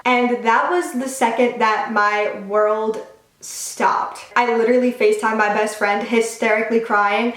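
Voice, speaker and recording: A woman's voice: a little high, steady tone, measured pace, a bit bright, reverberant. A woman in her twenties telling a casual storytime vlog, chatty and full of "like". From Long Island, New York. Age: 20s. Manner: chatty, says "like" often. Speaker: vlogger.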